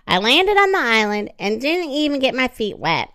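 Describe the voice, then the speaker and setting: A woman voicing a frightened little boy who plays a brave knight, crying out in high excited shouts. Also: normal speed, no room sound, full character voice. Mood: proud. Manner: high excited cries and sneezes.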